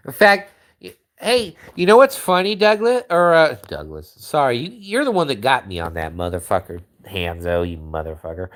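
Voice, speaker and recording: A man's voice: medium pitch, very animated, normal speed, a bit bright. A man hosting a livestream, ranting in a profane, rambling way and restarting his sentences often. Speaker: livestream host. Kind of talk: casual livestream rant.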